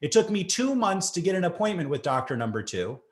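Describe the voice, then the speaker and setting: A man's voice: high-pitched, fairly quick. A middle-aged man giving a keynote talk to an audience, telling a personal story and acting out the voices in it. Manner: animated, acts out voices in stories. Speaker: keynote speaker.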